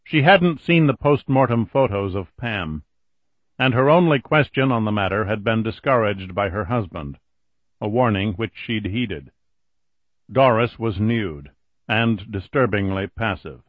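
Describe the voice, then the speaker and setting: A man narrating an audiobook in a steady, even reading voice, on a dull lo-fi recording. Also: lowish voice, unhurried, no room sound. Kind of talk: scripted narration.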